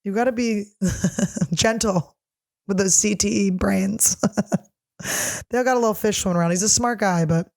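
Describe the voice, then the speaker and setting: Woman in her thirties, comedian host, casual solo chat, blunt, profane, quick to laugh, middle pitch. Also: darkish tone. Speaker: comedian podcast host answering fan questions. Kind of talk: casual solo chat, reading questions aloud.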